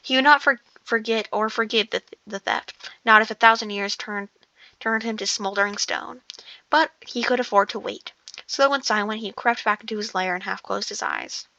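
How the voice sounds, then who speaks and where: A woman's voice: medium pitch, normal speed, creaky, sharp tone, highs cut off. A woman casually reading a novel aloud, often stumbling over words, restarting sentences and breaking off for joking asides. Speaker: audiobook reader.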